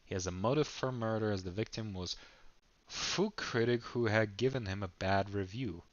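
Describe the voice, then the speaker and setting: A man's voice: on the low side, normal speed, no echo, dull audio. A man reading an AI game prompt aloud, stumbling and laughing as he comments. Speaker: video creator.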